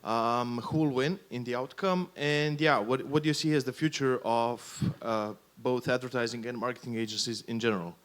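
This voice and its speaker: A man in the audience asks a long question, stopping often on fillers. His voice sits slightly low in pitch. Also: steady tone, moderate pace, few pauses, fairly bright tone. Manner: hesitant, with fillers. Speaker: audience member. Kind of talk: asking a question.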